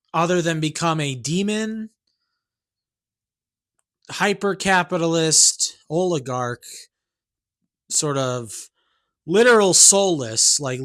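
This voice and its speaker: A man's voice: a little high, fairly bright tone. A man talking to camera in a rambling, ranting monologue, breaking off and restarting and tagging his points with questions. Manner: rambling, self-interrupting, keeps asking "right?". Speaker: YouTuber and songwriter.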